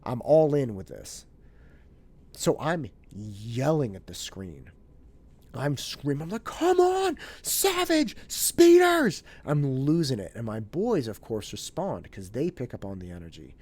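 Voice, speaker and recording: A man in his thirties telling a story in a casual, animated way, acting out bits of family conversation. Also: medium pitch, unhurried, husky, no room sound. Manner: animated, acts out family dialogue, restarts and fillers. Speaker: podcast host.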